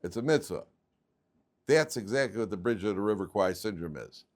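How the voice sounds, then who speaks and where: Man, rabbi, classroom lecture, lowish voice, storytelling, repeats words, acts out characters. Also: animated, a little fast. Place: classroom with students.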